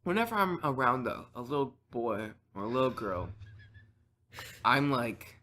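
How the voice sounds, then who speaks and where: A man's voice: mid-range voice, sing-song, moderate pace, bright, forceful tone. A teenage boy hosting a casual podcast chat, playful and argumentative, rambling through hypotheticals. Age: teens. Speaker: podcast host.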